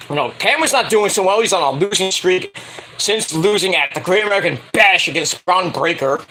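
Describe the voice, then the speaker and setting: A man's voice: high-pitched, bright, forceful tone, slight background noise. A man casually reviewing a wrestling show, rambling and cursing as he corrects himself. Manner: rambling, profane, self-correcting. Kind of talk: casual recap vlog.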